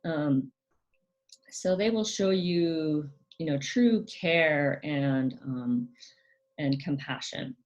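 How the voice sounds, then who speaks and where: A woman hosting her own channel, explaining things gently in a casual monologue, often hesitating with ums and restarting her sentences. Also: deep voice, extremely slow. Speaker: channel host.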